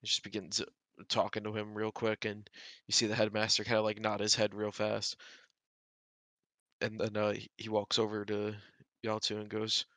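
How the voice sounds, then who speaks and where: A male game master narrates a tabletop game in a relaxed way, with plenty of fillers. His voice is fairly low but bright and forceful. He is recorded close and dry. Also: normal speed, no echo.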